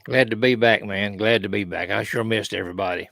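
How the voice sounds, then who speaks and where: A man's voice: lowish voice, brisk, gravelly, a bit bright, no echo. A man with a Southern US accent, co-hosting and telling easygoing folksy stories in casual chat. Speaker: returning co-host.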